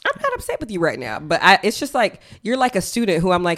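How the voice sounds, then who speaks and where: Animated teasing woman co-host. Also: fairly low pitch, fast talker, hardly any pauses. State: pregnant. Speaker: podcast co-host. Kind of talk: casual couple chat.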